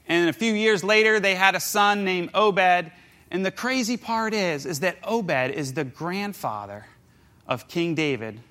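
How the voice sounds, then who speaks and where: In a casual sermon, a man with a high voice tells a story in a lively, jokey way, briefly voicing the people involved.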